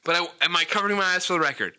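Brief: male podcast co-host, high bright voice, loud and crude comic banter. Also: rapid-fire. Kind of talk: casual comedic chat.

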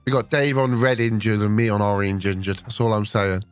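A man co-hosting a podcast, chatting and telling a long story with excited energy. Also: on the low side, a little fast, clean tone, soft background music. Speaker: podcast co-host. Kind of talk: casual podcast chat.

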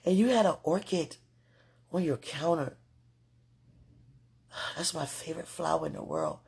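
A woman with a husky, gravelly voice records a casual spoken message to someone she loves. Her tone is mellow and dark, and her talk wanders affectionately, broken up by frequent laughs. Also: low-pitched, measured pace. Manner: affectionate, rambling, laughs often.

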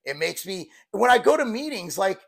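A man's voice: sits high, very animated, moderate pace, creaky, a bit bright. A man in his forties, a fitness coach, talking candidly and bluntly in a rambling, casual vlog style. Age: 40s.

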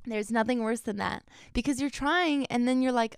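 A woman's voice: fairly high pitch, normal speed, smooth, no room sound, studio quality. A young woman talking to camera in a casual vlog, chatty and self-deprecating, filling her sentences with "like.". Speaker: YouTuber.

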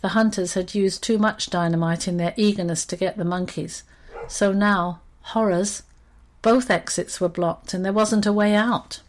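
A woman reading a children's story aloud in an expressive, steady storytelling manner. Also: mid-range voice, moderate pace, few pauses.

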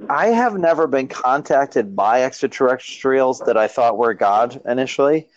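A man's voice: mid-range voice, animated, normal speed, dull audio. A man co-hosting a podcast in casual chat, with a dry, wry sense of humor. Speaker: podcast co-host.

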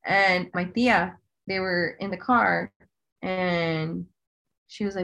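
Podcast guest, woman, lowish voice, easygoing storyteller with fillers. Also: slow, vocal fry, muffled recording. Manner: relaxed, telling family stories with fillers. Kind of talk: casual storytelling.

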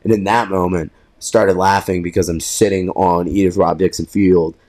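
This is a young man with a low voice, co-hosting a casual podcast. He tells a story with lively energy, acts out what everyone said, and swears freely. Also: moderate pace. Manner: animated, profane, laughs at himself. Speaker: podcast co-host.

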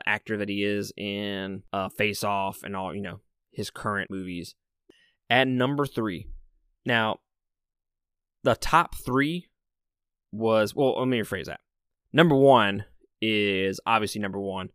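A man's voice: on the low side, fairly bright tone, clear, resonant tone, no room sound, clean studio sound. A young man from the American South with a Southern accent, casually counting down his favorite movies in an enthusiastic, opinionated way. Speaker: movie reviewer.

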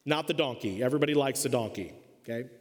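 A male pastor preaching a sermon, telling the story in a lively, humorous way. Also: mid-range voice, fast. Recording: long reverb of a church hall.

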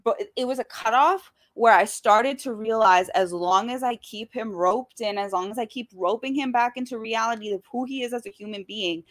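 A young woman telling a story in casual chat, animated and swearing freely. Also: a little high, moderate pace, hardly any pauses.

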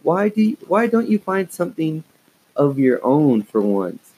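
A high, squeaky preteen girl, bratty and possessive, always ready to argue, as a man puts her on. Her voice swoops up and down as she protests, with a slightly husky edge. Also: very animated, measured pace, warm tone, exaggerated voice, poor audio. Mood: heated. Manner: whiny, heated, defensive.

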